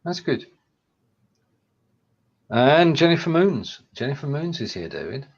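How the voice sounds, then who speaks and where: British male co-host for a live-stream chat, brisk and jokey, medium pitch, slightly muffled audio. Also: big pitch swings, gravelly, husky. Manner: quick, jokey, laughs often. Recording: dull lo-fi audio.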